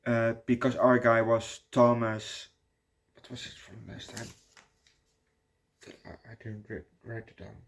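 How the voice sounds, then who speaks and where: A man's voice: mid-range voice, level tone, measured pace, gravelly, pauses often. Rambling Dutch-accented young man. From Netherlands. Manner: rambling, swears a lot, says "yo" often. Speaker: movie reviewer. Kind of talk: casual review rant.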